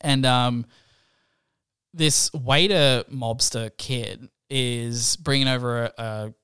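A man co-hosting a podcast, telling scenes in casual chat, animated and full of fillers. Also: medium pitch, slow pace, smooth, no room sound, clean studio sound. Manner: animated storyteller with many fillers. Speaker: podcast co-host.

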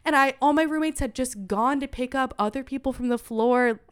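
A young adult woman, a podcast guest, chatting casually and telling animated stories full of "like.". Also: sits high, fairly quick, clear, resonant tone. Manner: animated storyteller, heavy use of "like". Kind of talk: casual chat.

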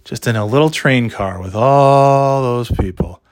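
A man's voice: medium pitch, measured pace, no room sound, clean studio sound. A middle-aged man hosting a casual solo podcast, rambling and joking at his own expense, with a scratchy throat left over from being sick. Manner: rambling, self-mocking, swears casually. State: scratchy throat after illness. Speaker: podcast host.

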